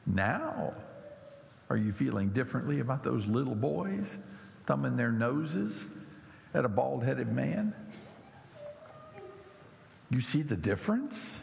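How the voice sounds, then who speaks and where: A man preaching a sermon in an animated way, his voice climbing high when he mocks. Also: takes it slowly, creaky, long pauses. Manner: animated, mocking voices rising high and loud. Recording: echoey hall with faint noise.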